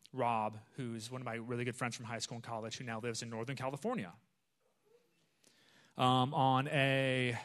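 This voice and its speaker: A man giving a conversational sermon, telling a personal story in a casual, chatty way with frequent pauses and restarts. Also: medium pitch, a bit bright. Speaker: pastor.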